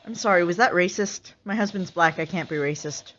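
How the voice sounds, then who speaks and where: A reaction video host delivers casual, sarcastic commentary and laughs often. Her voice sits on the low side with a fairly bright tone, and she talks a little fast. The recording is slightly muffled and lo-fi.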